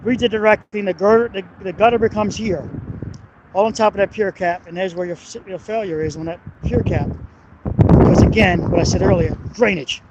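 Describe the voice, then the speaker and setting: A construction engineering vlogger walks a city bridge at night with a handheld camera, explaining its engineering in a rambling, hesitant way and swearing when annoyed. His voice is high, at normal speed, and the lo-fi recording is noisy with outdoor wind and traffic.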